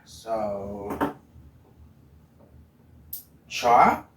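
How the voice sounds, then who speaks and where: A man's voice: on the low side, lively intonation, extremely slow, very noisy. A man hosting a casual cooking vlog from his home kitchen, playful and chatty, often laughing as he talks. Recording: roomy sound from a distant mic.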